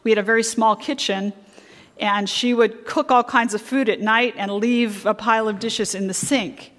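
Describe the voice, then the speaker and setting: A middle-aged woman leading a church marriage workshop, quizzing the audience with fill-in questions and stressing key words slowly. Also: fairly high pitch, steady tone, fairly bright tone. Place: church sanctuary. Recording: long church hall reverb.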